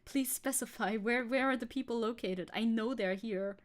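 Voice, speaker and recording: A woman voicing the thoughts of her timid, jumpy little male dog, in a high squeaky alarmed voice. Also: moderate pace, lightly acted. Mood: anxious, alarmed.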